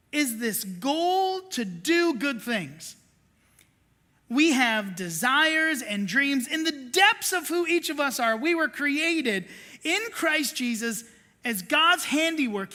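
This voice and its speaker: A woman's voice: high voice, bright, forceful tone. A woman pastor preaching a sermon, telling a story with self-deprecating humor and acting out the quotes. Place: church sanctuary. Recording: reverberant church hall.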